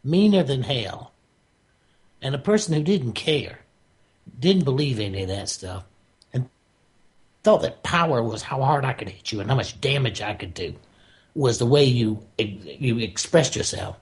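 A man's voice: medium pitch, expressive, unhurried, pauses often. A man speaking as a guest on a radio show, talking about spirituality in a punchy, preacherly way. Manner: emphatic, preacherly, punchy phrasing. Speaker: guest author. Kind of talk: spiritual talk radio interview.

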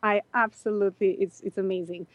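A woman's voice: mid-range voice, steady tone, a little fast, no room sound. A woman guest singer talking earnestly in a casual talk show chat, rambling and laughing often. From not from Britain or America.

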